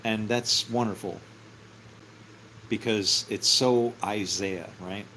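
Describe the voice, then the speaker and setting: A man's voice: lowish voice, steady tone, takes it slowly, bright, forceful tone, a little hiss or hum, poor audio. A middle-aged man musing casually on faith, rambling, often laughing and swearing offhand. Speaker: vlogger.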